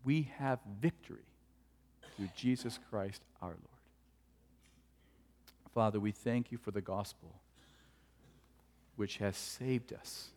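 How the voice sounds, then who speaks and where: Earnest pastor in a reverberant church. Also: male voice, fairly low pitch, slow, pauses often. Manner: earnest storytelling, dropping to hushed tones for tender moments. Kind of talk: sermon. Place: church sanctuary. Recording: long church hall reverb.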